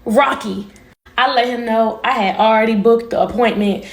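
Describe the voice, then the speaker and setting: A woman with a somewhat high voice tells a personal story to her viewers. She speaks casually and candidly, full of slang, and keeps the telling animated. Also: moderate pace, reverberant. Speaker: storytime vlogger.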